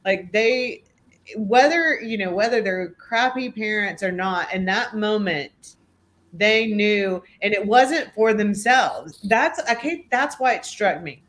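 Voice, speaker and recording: A man's voice: high voice, expressive, fairly bright tone. A man hosting a live stream, chatting with callers and retelling what struck him in an easygoing way. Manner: easygoing, encouraging, drawn-out retelling. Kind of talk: casual stream chat.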